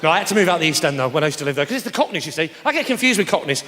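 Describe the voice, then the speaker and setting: A man doing live stand-up comedy, teasing the crowd, with loud punchlines. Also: a little high, sing-song, racing. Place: large theatre stage with audience. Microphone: stage microphone. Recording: roomy live theatre with audience noise. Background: audience laughter.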